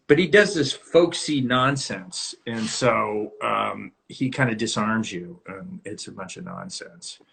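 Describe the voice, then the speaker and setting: A man's voice: mid-range voice, vocal fry, fairly bright tone, slight background noise. A man hosting his own casual livestream from home on a phone, rambling and chatty, now and then scolding his barking dog. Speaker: host of his own live stream.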